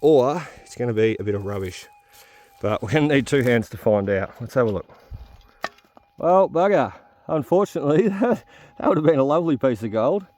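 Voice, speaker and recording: Detecting in the bush, a channel host narrates his own video and chats straight to the people watching. His voice has a medium pitch, lively intonation and a darkish tone, moving fairly quickly.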